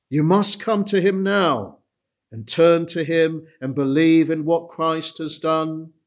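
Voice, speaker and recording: A man preaching a sermon, earnest and pleading, repeating key phrases for emphasis. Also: high-pitched. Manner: earnest, repetitive pleading delivery.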